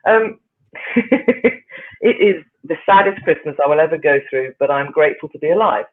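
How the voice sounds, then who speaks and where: An older woman chatting as a radio guest over the phone, talkative and quick to laugh. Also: low-pitched, lively intonation. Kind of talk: casual radio chat. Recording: tinny phone line.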